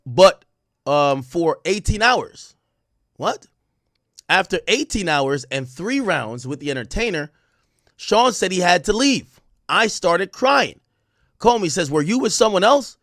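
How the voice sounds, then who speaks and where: A man, animated and profane, reacting to news on a livestream and reading out testimony. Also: no room sound, clean studio sound. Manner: animated, swings from loud outbursts to low mutters; profane, reads court testimony aloud. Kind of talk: casual livestream commentary.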